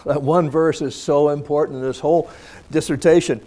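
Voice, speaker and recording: A man's voice: on the high side, expressive, normal speed, dark tone. A man teaching a scripture lesson, reading verses aloud and then talking them over in a plain, conversational way. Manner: many fillers and restarts.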